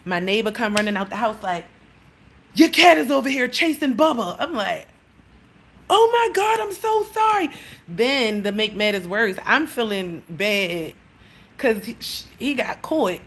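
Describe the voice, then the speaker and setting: A woman's voice: mid-range voice, animated, normal speed, a bit bright, a little hiss or hum. Woman rambling casually on a livestream. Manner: rambling, profane storytelling with lots of "like".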